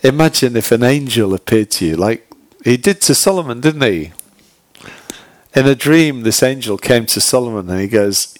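A man preaching a sermon at a mid pitch, telling stories in a chatty, easygoing way and turning to his listeners with direct questions. His voice is close and dry, with no room echo around it. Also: normal speed. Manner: conversational storytelling with frequent "you know"; retells a joke in a relaxed way.

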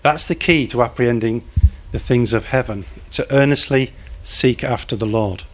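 Male preacher, mid-pitched, chatty sermon delivery with asides to the congregation. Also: moderate pace. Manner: conversational, asks the congregation questions, jokes.

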